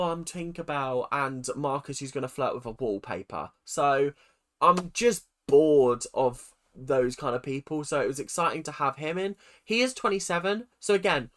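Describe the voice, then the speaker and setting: A man's voice: mid-range voice, fairly bright tone. A man from the UK giving a casual, opinionated rant about a reality TV cast, frank and chatty, swearing now and then. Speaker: YouTube commentator.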